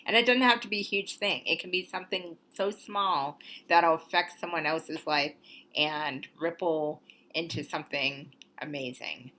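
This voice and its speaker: A woman's voice: low voice, bright, forceful tone. A young woman hosting an oracle card reading, talking casually and encouragingly, rambling with ums and little laughs. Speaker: oracle card reader, channel host. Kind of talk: casual spiritual video talk.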